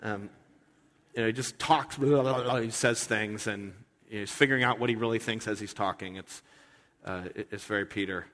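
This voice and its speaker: A man's voice: on the low side, steady tone, normal speed, fairly bright tone, big-room sound. A man preaching a sermon in a conversational, earnest way, often restarting his sentences. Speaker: pastor.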